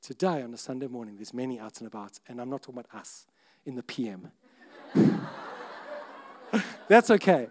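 A man preaching a sermon in an earnest, conversational way, breaking off to restart sentences and suddenly getting louder. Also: mid-range voice, animated, moderate pace, long pauses, background noise. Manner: earnest, conversational, with self-interrupting restarts and sudden rises in volume. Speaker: pastor.

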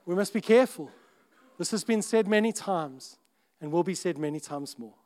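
A man preaching a sermon in an earnest, conversational way, breaking off to restart sentences and suddenly getting louder. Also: high voice, animated, normal speed. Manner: earnest, conversational, with self-interrupting restarts and sudden rises in volume. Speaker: pastor.

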